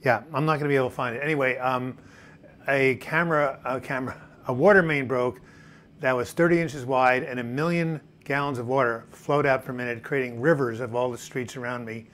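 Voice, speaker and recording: A man hosts a relaxed live chat from home, reading out viewers' names and comments with plenty of uhs and ums. His voice sits at an ordinary middle pitch. A faint hum of outdoor noise stays in the background. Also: brisk. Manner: chatty, reads viewer names and comments aloud, frequent uh and um. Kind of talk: casual live-stream chat. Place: home in Portland, Oregon. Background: faint music and outside noise.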